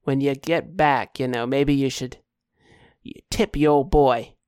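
A man voicing a fussy male goblin dock clerk in a tabletop game, with a gruff, drawling manner. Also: mid-range voice, fairly even intonation, slow, a little mellow, no echo, studio quality, natural voice. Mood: grudging.

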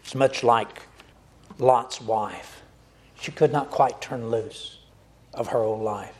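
A man's voice: mid-range voice, slow, a little mellow. A man preaching a sermon, earnest and direct, addressing his listeners as folks.

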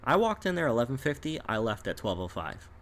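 A man's voice: medium pitch, big pitch swings, a little fast, a bit bright. A man talking casually and with real animation, his voice jumping around as he tells a story, breaking into laughs, and acting out the lines of people he quotes. It feels like an easy, loose chat among friends.

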